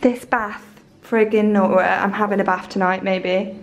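A young woman vlogging her trip, gushing excitedly as she shows off a hotel room on a handheld camera. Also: medium pitch, moderate pace, a little hiss or hum, rough recording. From Ireland. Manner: excitable, gushing, breathless asides. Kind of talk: travel vlog.

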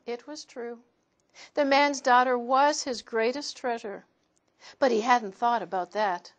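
Woman reading picture books to children, expressive, slow, high-ish voice. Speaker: storyteller.

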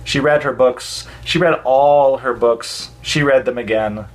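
A man reading a children's story aloud for a church, expressive with dramatic pauses. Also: mid-range voice.

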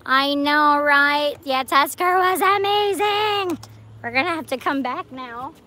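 A high-pitched, bright-voiced woman chatting on a live vlog, unhurried yet excitable. She talks into a phone in a parking lot at night. Faint traffic and outdoor ambience sit behind her. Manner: chatty and excitable, coos at a frog. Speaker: vlogger livestreaming. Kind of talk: casual live vlog chat.

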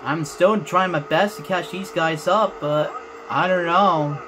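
A fairly high-pitched young man speaks slowly against a noisy background. As a gaming channel host playing a racing game, he talks to his viewers and repeatedly vents his frustration mid-race.

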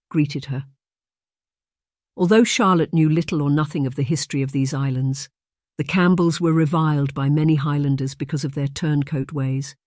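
An audiobook narrator reading a historical romance in a steady, measured storytelling manner. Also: mid-range voice, no room sound, clean studio sound.

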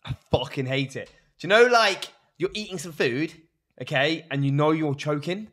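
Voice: medium pitch, normal speed, a bit bright. A podcast co-host from Jersey chatting casually and profanely, rambling through stories with lots of fillers. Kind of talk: casual chat.

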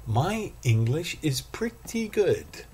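A man voicing an admiring male foreign listener who speaks slow, broken English in an unplaced foreign accent. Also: medium pitch, lively intonation, darkish tone, slight background noise.

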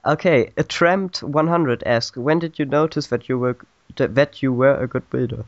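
A man's voice: medium pitch, moderate pace, no room sound. Man host asking interview questions. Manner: reads questions, laughs along. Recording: dull, muffled lo-fi online call.

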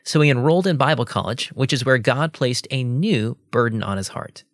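A male narrator reads a scripted bridge in a measured, steady way. His voice has a gravelly edge. The sound is dry and close, with no room in it. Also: medium pitch, dry recording.

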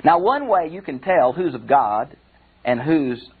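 A man's voice: fairly high pitch, expressive, measured pace, breathy edge. An older man, a pastor giving a conversational Bible commentary lecture and calling his listeners friends. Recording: tinny phone-like audio recording.

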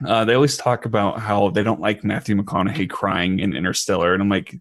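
A man's voice: lowish voice, fairly even intonation, brisk, dry recording, studio quality. A man hosting a podcast, talking in a laid-back, conversational way with filler words. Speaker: podcast host. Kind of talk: casual podcast interview.

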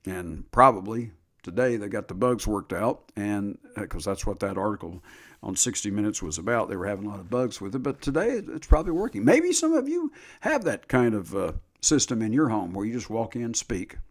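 Older male preacher, folksy sermon delivery, lively up-and-down pitch, slowed and stressed scripture quotes. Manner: folksy, drawls scripture slowly with emphatic rises. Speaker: preacher and Bible teacher.

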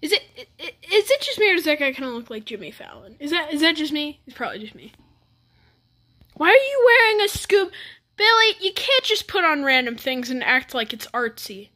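A woman with a high, bright voice reacts to a music video with comic bewilderment, very animated and a little fast. She stammers and restarts while firing exasperated questions at the screen in loose, running commentary.

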